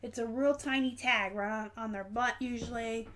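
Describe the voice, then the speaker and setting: A woman's voice: a little high, fairly even intonation, moderate pace, fairly bright tone. A woman hosting a casual live stream, reading viewer comments and chatting frankly with lots of ums and self-corrections. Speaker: host of a live reselling Q&A stream.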